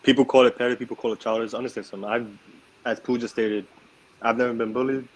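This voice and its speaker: A man's voice: medium pitch, steady tone, fast talker, slight background noise, poor audio. A young man chatting casually on a podcast, speaking in a laid-back, matter-of-fact way. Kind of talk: casual chat.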